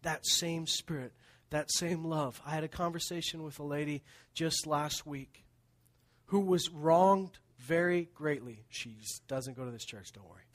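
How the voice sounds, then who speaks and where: A middle-aged male pastor preaching a sermon, animated storytelling with laughs that drops to hushed tones. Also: fairly high pitch, unhurried.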